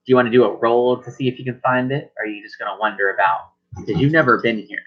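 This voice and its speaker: A man's voice: mid-range voice, fairly even intonation, quick pace. A man narrating as game master in a casual, rambling way. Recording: dull lo-fi recording.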